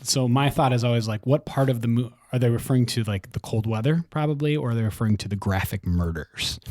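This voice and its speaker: A man's voice: medium pitch, fast talker, a little mellow, no echo, clean studio sound. A man co-hosting a casual talk show, rambling with lots of filler words. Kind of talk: casual chat.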